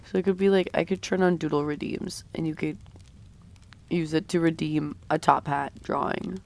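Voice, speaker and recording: Her voice lowish, creaky and a little mellow, a woman chats casually as she draws on stream, reading and answering viewers. She sounds a bit ill, speaking at normal speed in a steady tone.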